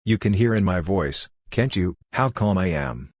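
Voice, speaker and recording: A man reading as a calm prisoner. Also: sits low, normal speed, no room sound, clean studio sound. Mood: calm reassurance. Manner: even, reassuring, earnest. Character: calm, steady man imprisoned and awaiting execution.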